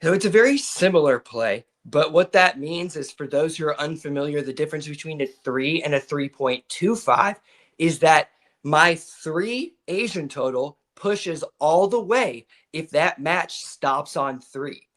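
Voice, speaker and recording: An enthusiastic man breaking down soccer bets on a live betting show, patiently explaining how his wagers work. His voice sits slightly high for a man. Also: animated, unhurried, a bit bright. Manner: explanatory, enthusiastic about picks. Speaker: sports betting analyst.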